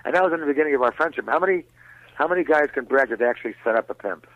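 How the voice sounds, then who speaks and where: Animated man acting out his stories. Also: mid-range voice, rapid-fire, narrow, tinny audio. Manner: animated, mimics other people's voices in stories. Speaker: interview guest. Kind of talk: radio interview.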